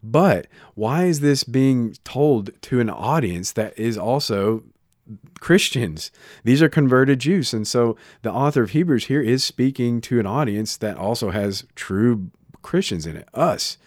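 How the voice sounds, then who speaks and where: A man preaching a sermon in a conversational way, retelling stories with lively restarts into a microphone. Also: medium pitch, a little slow, dry recording, studio quality. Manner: conversational, animated storytelling with frequent restarts. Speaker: pastor.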